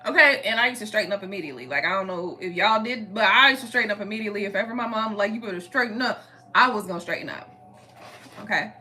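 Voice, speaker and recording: Bright-voiced chatty woman tarot reader. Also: medium pitch, fast. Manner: rambling and chatty, talks straight to viewers, restarts often. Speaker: tarot reader and channel host. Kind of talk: casual chat with viewers.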